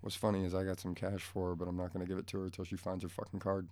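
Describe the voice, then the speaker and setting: At home in a room, a vlogger delivers a blunt, crude, profane rant to his viewers, casual and rambling and easily sidetracked. He talks very fast in a low, darkish voice with completely flat delivery.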